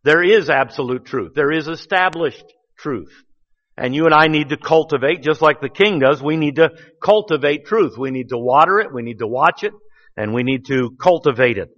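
A man's voice: fairly high pitch, expressive, normal speed, fairly bright tone. A man preaching a sermon as pastor, folksy and explanatory, building to emphatic bursts. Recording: dull sound with long church reverb.

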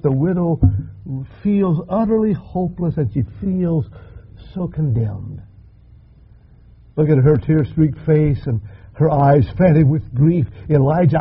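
An older male pastor preaching with dramatic, impassioned swells, his voice gravelly and husky. His pitch rises and falls widely. The recording is dull and lo-fi. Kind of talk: sermon.

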